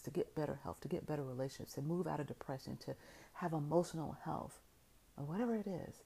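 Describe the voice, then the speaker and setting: A woman's voice: sits low, gravelly, mellow, slightly rough, poor audio. A woman giving an inspirational faith talk as a motivational speaker. She retells scripture as a story and builds her points with repeated phrases.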